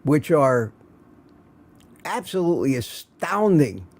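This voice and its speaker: A man's voice: a little high, sing-song, takes it slowly, a little mellow. An older man hosting a casual morning livestream, greeting viewers by name in a chatty, self-mocking way. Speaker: livestream host.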